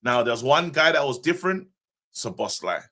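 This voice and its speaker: Male podcast co-host, mid-pitched bright voice, excitable slangy chat. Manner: excitable, slangy, quick restarts. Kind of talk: casual football podcast chat.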